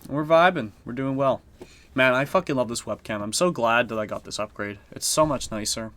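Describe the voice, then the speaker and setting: A man's voice: medium pitch, fairly quick, fairly bright tone. Laid-back swearing male game streamer. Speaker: streamer playing a strategy board game. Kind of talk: casual live-stream commentary.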